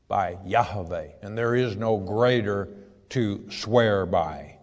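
A man preaching a sermon, reading scripture in a measured, deliberate way and stopping to add his own comments. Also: on the low side, long reverb tail.

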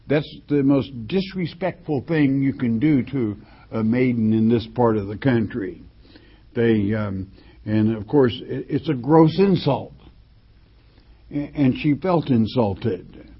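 A man preaching with a slightly husky voice at an unhurried pace. He reads verses aloud, then breaks them down with restarts and fillers. The recording sounds dull and lo-fi. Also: medium pitch. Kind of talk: sermon reading and explaining scripture.

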